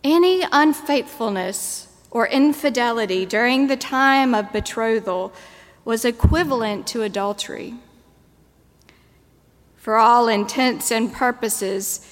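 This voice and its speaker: Woman preacher giving a sermon, unhurried and a little high in pitch, telling a story in a long church reverb. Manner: measured, storytelling delivery.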